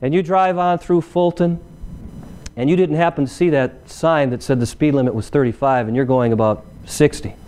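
A man's voice: moderate pace, mellow, clean tone. A man giving a conversational sermon, often checking in with the audience with "right?". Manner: acts out a traffic stop in a lower voice. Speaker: preacher. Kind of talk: sermon with illustration. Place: church meeting room.

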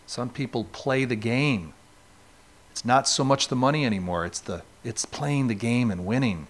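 A man's voice: medium pitch, expressive, normal speed, a little hiss or hum. A man from New York State preaching a sermon, talking conversationally and asking the congregation rhetorical questions. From New York State, USA. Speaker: pastor.

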